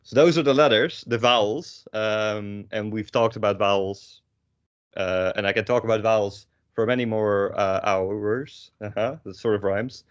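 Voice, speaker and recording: A young man with a Dutch accent teaches an online language lesson, rambling with many fillers and self-corrections. He speaks unhurriedly in a lowish, fairly even voice into his own microphone with a pop filter, with no echo but the highs cut off.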